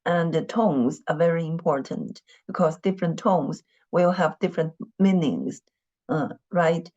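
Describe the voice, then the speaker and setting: A Mandarin-speaking woman teaches a class on tones, her voice low and somewhat dark. She goes slowly and patiently, repeating every point and dropping in lots of "you know." The lo-fi recording sounds dull.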